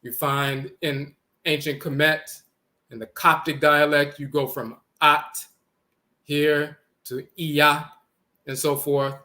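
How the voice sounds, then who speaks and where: Bright-voiced man spelling out words. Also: a little high, level tone. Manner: deliberate, repeats and spells out words. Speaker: lecturer on language origins. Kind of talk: spoken lecture with on-screen text.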